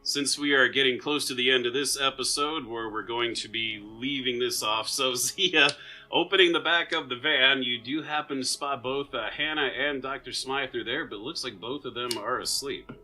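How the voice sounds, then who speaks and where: A man's voice: mid-range voice, moderate pace, sharp tone, rough recording. A man running a tabletop role-playing game as game master, chatting casually, laughing often and stumbling over repeated words as he narrates.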